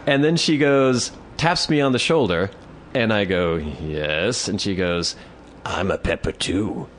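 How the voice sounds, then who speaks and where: Podcast co-host, man, low voice with a wide swing, animated storyteller, casual. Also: measured pace, slight background noise. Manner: animated storyteller, acts out quotes, swears freely.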